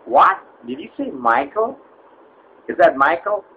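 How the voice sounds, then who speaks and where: A man doing an irate, impatient customer who spells everything out bluntly. His voice sits high and swings widely in pitch, slowing down to hammer his point home. The recording is slightly dull, with a faint hiss behind it. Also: sing-song, heavily acted. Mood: exasperated. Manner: exasperated, blunt, spells letters out loudly. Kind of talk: comedy sketch.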